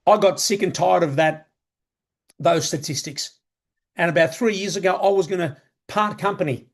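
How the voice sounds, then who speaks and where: A man giving an enthusiastic, chatty live sales presentation, often repeating his words. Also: fairly high pitch. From Australia. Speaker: online business presenter.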